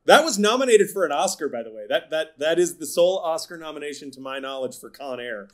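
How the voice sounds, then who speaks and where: A man from the American South co-hosting a podcast in casual, animated chat, laughing often and swearing freely. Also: fairly high pitch, fast. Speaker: podcast co-host.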